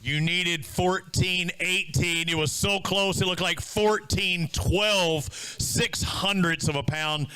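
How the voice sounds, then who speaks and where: A man hosts a live tournament weigh-in at an outdoor lakeside stage. His voice sits high and sounds bright and forceful. He keeps the banter upbeat and teases the anglers as he reads out their weights. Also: fairly even intonation, slow pace, few pauses, clear, resonant tone, rough recording. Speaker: weigh-in emcee. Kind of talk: live event emceeing.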